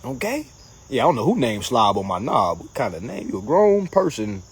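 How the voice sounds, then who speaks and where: A man hosting a casual livestream, answering comments in an animated, mocking way that swings between loud jokes and low asides. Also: normal speed, breathy edge. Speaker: livestream host reading comments.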